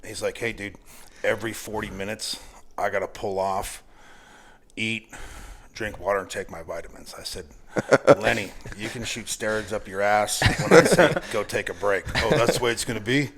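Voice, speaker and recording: An American man in his forties with a fairly low voice tells profane stories in casual chat. He talks with animation and laughs through his own punchlines. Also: normal speed, a bit bright. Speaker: guest firearms instructor.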